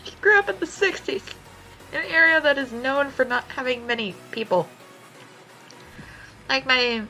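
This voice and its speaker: A young woman streamer talks casually while she draws, with a lively, swooping delivery and a gravelly edge of vocal fry. Her voice is bright, and she swears freely and laughs her way through animated stories. Faint music plays behind her. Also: high-pitched, normal speed, low-quality recording. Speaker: art streamer.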